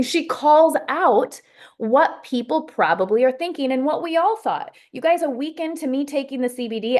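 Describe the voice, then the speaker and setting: A woman coaching her team in a loose, motivational talk, with a voice that sits a little high. She rambles and restarts her sentences, with plenty of fillers along the way. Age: adult with a child. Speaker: sales team leader.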